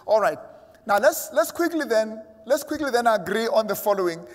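A man's voice: sits high, lively intonation, normal speed, long reverb tail. A man preaching a sermon as a pastor, emphatic and acting out imagined voices of his listeners. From South Africa.

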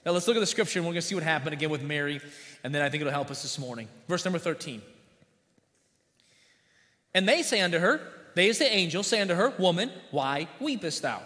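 A man preaching a sermon as pastor, repeating phrases in a steady cadence, sometimes rising loud and sometimes dropping quiet. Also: fast, pauses often. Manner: swings from loud emphatic lines to quiet low-voiced ones. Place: church sanctuary. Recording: reverberant church sanctuary.

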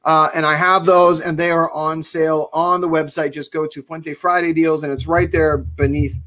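A chatty male host speaks with a fairly high voice. He reads viewer comments in an upbeat, exclaiming way during a casual livestream from a cigar shop. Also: little pitch movement, normal speed, a bit bright. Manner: chatty and enthusiastic, exclaims often.

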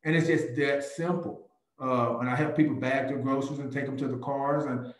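A man, a real estate agent speaking as a guest on a video call, who tells stories lively and acts out little conversations. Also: a little fast, roomy sound, low-quality recording. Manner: animated, jumps into a higher voice to act out chats. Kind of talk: lively talk with acted-out dialogues.

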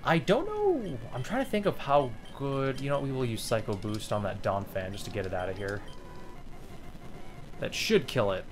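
A man's voice: mid-range voice, very animated, normal speed, faint music behind. A man giving casual commentary as he plays a game, chatty and profane, easily amused and talking to his viewers. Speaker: let's play host.

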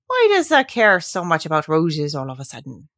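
A gruff, grumbling old gardener, as a woman reading a storybook puts him on. He speaks in a lively, swinging voice that jumps up and drops low, curt and reluctant. The storybook telling stays close and plain. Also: normal speed. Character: grumpy old Yorkshire gardener man.

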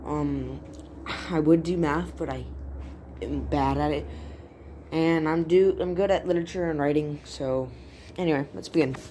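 A woman's voice: deep voice, normal speed, long pauses, warm tone, slight background noise. A woman hosting a casual writing tutorial video, talking in a rambling, playful way and often correcting herself mid-word.

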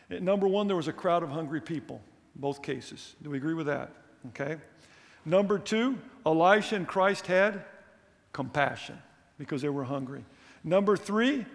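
A male preacher gives a missions conference sermon, his slightly high voice climbing on questions and numbered points. He mixes in humorous asides. The sound carries a long reverb from the church hall. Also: vocal fry. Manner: emphatic, rising on questions and lists.

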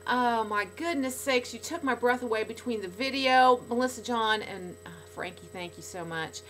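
A middle-aged woman talking casually to fans in a video blog, bubbly and gushing, swinging between loud excitement and soft sincerity. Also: a little high, normal speed, soft background music. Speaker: podcast regular speaking to fans.

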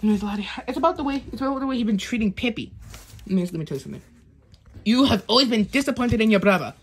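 A grumpy male penguin creature, as a woman puts him on for a puppet video. He has a husky Scottish accent and a scolding, bossy manner, and his voice swings freely up and down. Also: on the high side, animated, racing. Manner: scolding, calls people laddie.

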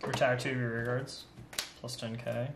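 A young man at a card table, joking as he calls out his attacks and numbers in a relaxed back-and-forth. The room is roomy and echoey, and steady background noise sits under his voice. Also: mid-range voice, normal speed, gravelly. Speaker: card game player. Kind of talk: casual play-by-play of a card match.

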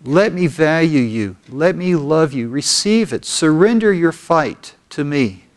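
Pastor speaking as a tender Jesus, slow, slightly high voice. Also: male voice, animated. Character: loving Jesus, tender and inviting.

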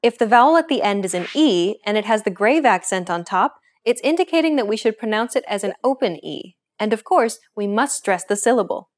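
A woman hosting a language lesson, reading a script with a clear, upbeat teacher's delivery. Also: mid-range voice, lively intonation, fairly quick, few pauses.

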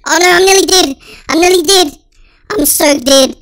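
A gaming channel host giving excitable, dramatic let's-play commentary through a sped-up chipmunk voice filter. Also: very high-pitched, moderate pace, no room sound.

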